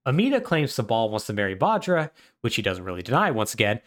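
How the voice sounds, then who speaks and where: Fast and sing-song, his mid-range voice has a fairly bright tone. The man is a podcast co-host casually retelling a video game plot, leaning on fillers and wry humor.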